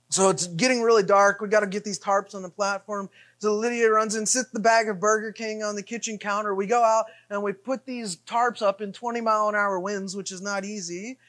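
A middle-aged man preaching, telling a self-deprecating story in an animated way with repeated refrains. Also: sits high. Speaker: pastor. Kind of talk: sermon storytelling.

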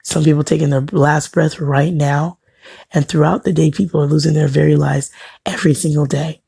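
A woman speaks in a gravelly, husky voice, giving a heartfelt devotional pep talk. She leans on repetition and sometimes sinks to a hush to drive a point home. The recording is close and dry. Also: low voice, level tone, normal speed, no room sound. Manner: earnest, preaching encouragement with emphatic repetition. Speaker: faith-based motivational speaker.

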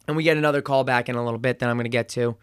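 A man giving a casual spoken review, retelling scenes in a chatty way with fillers and quick self-corrections. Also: mid-range voice, steady tone, clean tone, no room sound, studio quality. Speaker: show reviewer.

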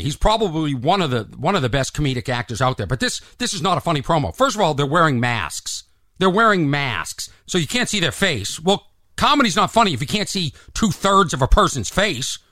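Comedian guy ranting at his tv, high voice, bounces all over the place, keeps tripping on words. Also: no room sound, studio quality. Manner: animated, exasperated, stammering restarts. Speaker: stand-up comedian hosting a rant segment. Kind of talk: comedic rant to camera.

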